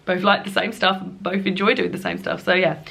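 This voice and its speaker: A woman talks to camera from her lounge at home. Her voice is bright and forward, and her casual chat rambles along, full of "um"s and quick laughs. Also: lowish voice, flat delivery, gravelly, husky. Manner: chatty, rambling, laughs often, many fillers. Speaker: book vlogger.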